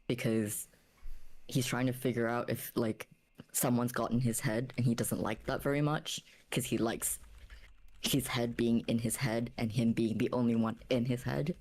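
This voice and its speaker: A man narrates his character's actions in a casual tabletop game, easygoing and mid-pitched. He talks in a relaxed, everyday way. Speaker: player. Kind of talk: casual role-play narration.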